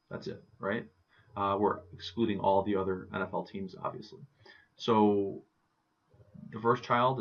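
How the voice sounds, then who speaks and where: Gravelly low-voiced male biology teacher. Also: highs cut off. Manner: conversational, rhetorical questions, frequent fillers. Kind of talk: recorded lecture.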